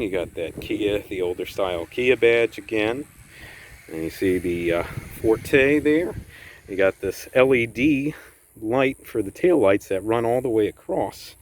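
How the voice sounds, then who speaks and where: A man giving a casual walkaround review of his own car, relaxed and enthusiastic, often doubling words. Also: deep voice, a little hiss or hum, rough recording. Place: outdoors beside a parked car.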